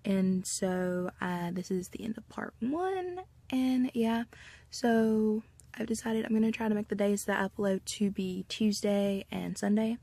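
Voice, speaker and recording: A woman's voice: medium pitch, unhurried, creaky, warm tone, rough recording. A woman, telling a rambling story to camera at home with lots of fillers. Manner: rambling and chatty, with many fillers and restarts. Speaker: vlogger.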